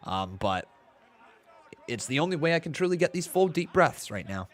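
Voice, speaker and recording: A man's voice: a little high, very animated, moderate pace, some chatter behind. A man in his twenties chatting on a live stream, reading chat aloud and calling play-by-play, a little tired and yawning. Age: 20s. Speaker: watch-along streamer.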